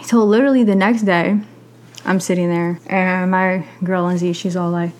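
A woman's voice: fairly low pitch, normal speed. Candid young woman podcast host. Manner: candid, animated storyteller acting out quoted voices. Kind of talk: personal storytelling podcast.

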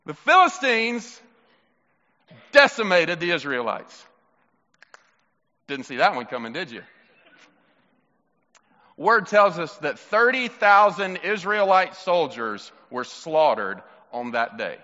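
Pastor guy preaching, pretty high bright voice, gets emphatic, big echoey room. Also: slow pace, pauses often, highs cut off. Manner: animated, emphatic, conversational. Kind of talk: sermon.

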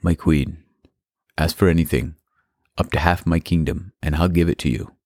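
A man plays an easygoing king eager to throw a big party. His voice is very low and dry, in a playful kids' storybook style. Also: steady tone, moderate pace, darkish tone, no echo. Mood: excited. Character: carefree partying male king.

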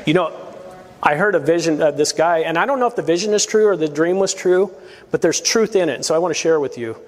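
Earnest preaching man, higher voice. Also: fast talker, long reverb tail. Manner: earnest, emphatic preaching with rising appeals. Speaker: pastor. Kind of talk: verse-by-verse sermon. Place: church sanctuary.

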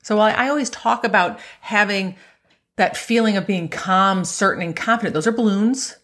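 This golf mental coach speaks at a moderate pace in a medium-pitched, slightly bright voice. Her motivational talk on golfers' feelings is loose and conversational, full of "right?" tags, easy laughter, and quoted inner voices she performs.

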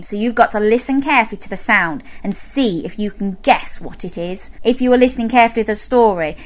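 A woman reading a picture book aloud to young children, playful and encouraging, inviting them to join in with sounds. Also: medium pitch. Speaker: children's storyteller.

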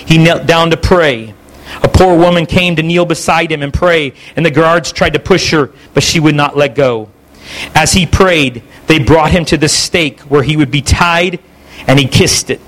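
A man preaching a sermon, telling a martyr's story with earnest, halting delivery and then turning to scripture. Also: on the high side, a bit bright. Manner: earnest, stumbles and restarts while telling.

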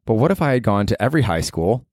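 A man with a lowish voice rambles through a casual comedy podcast monologue, swearing freely as he goes. His voice is recorded close and dry. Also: sing-song, fast talker, darkish tone, dry recording. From Tampa area, Florida.

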